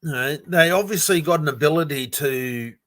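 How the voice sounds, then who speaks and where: A man's voice: fairly high pitch, moderate pace, fairly bright tone, dry recording. A man chatting casually on a livestream about crypto, frank and rambling, with sighs, laughs and some swearing. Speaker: crypto project founder streaming to his community. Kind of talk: casual livestream chat, reading viewer comments.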